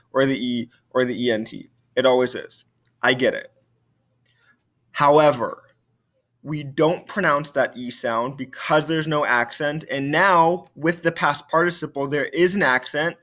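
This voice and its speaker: A man's voice: medium pitch, a bit bright. A male French teacher giving a recorded video lesson, explaining patiently and repeating key points.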